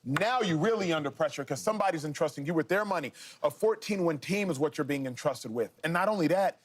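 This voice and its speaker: Man, sports debate panelist, emphatic, argumentative, slightly high voice. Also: animated, fast. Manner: emphatic, argumentative, repeats points.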